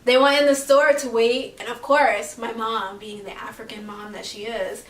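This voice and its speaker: Expressive woman sharing an emotional story. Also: fairly high pitch, normal speed, recorded from a distance. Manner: expressive, laughs often, trails off softly. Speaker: vlogger. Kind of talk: casual storytelling. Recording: echoey room, camera mic from afar.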